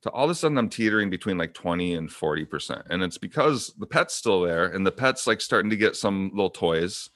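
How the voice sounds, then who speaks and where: A man's voice: deep voice, lively intonation, fairly quick, few pauses, a bit bright, no echo. A man co-hosting a podcast, telling a rambling story in casual chat, getting worked up and swearing often. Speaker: podcast co-host.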